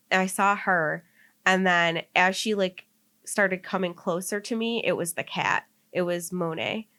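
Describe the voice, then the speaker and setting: A woman's voice: medium pitch, a bit bright. A young woman co-hosting a podcast, casually telling a personal story and rambling with lots of "like". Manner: rambling, heavy use of "like", laughing and tearing up. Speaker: podcast co-host.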